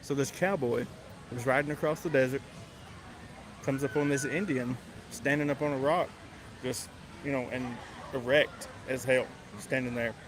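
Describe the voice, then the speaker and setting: Male guest, easygoing chat, clear noise in the background. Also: mid-range voice, steady tone, moderate pace, long pauses. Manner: easygoing, agreeable, tells a joke with hand motions. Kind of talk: casual chat.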